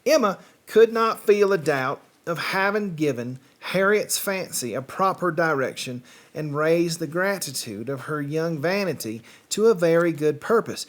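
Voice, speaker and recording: A man reading a classic novel aloud in a put-on Southern US accent, with a slow, emphatic and louder delivery. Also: a little high, lively intonation. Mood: theatrical. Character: male reader doing an exaggerated Southern drawl.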